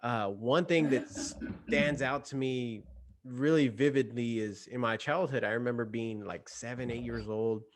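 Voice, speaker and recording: A man's voice: mid-range voice, steady tone, measured pace, noisy background. A man hosts a podcast conversation and shares candid personal stories. He speaks in a reflective, earnest way. He often stops and restarts his sentences as he thinks. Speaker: podcast host.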